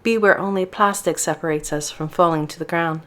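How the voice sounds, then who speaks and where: A woman reading as a nervous young Russian woman, her accented voice low and uneasy. She pleads quietly, fearful and tense. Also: fairly quick, lightly acted. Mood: worried.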